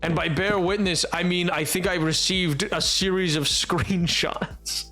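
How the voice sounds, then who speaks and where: A man's voice: high-pitched, steady tone, a little slow, bright, forceful tone, soft background music. A young man streaming and chatting casually with his chat, rambling and joking with lots of fillers and restarts. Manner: rambling, jokey, self-interrupting with fillers.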